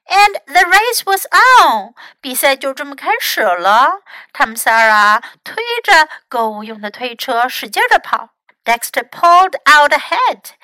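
A woman English teacher reading a bilingual storybook aloud in an expressive, animated way. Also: sits high, unhurried, no echo, poor audio.

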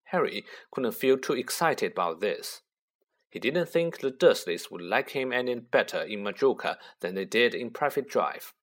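A man reading a storybook aloud as narrator in an expressive way. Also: medium pitch, normal speed. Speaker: audiobook reader.

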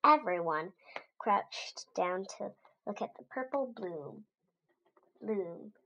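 A woman's voice: mid-range voice, expressive, slow pace, bright, forceful tone, highs cut off. A woman reading a children's book aloud expressively, adding short asides to her listeners. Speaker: storybook reader.

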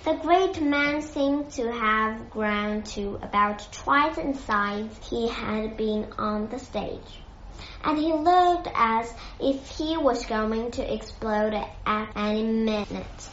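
A woman reads a children's story aloud in a gentle, measured way. Her voice is somewhat high and very unhurried. The recording has an echoey room and a dull, muffled tone. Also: a little hiss or hum. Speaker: narrator. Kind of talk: reading a children's novel aloud.

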